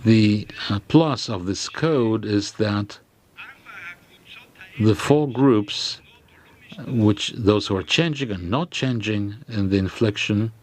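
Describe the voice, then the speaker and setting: Slow, hesitant male lecturer. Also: on the low side. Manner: slow and hesitant, with frequent fillers and restarts. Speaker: lecturer on grammar. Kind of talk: halting lecture explanation.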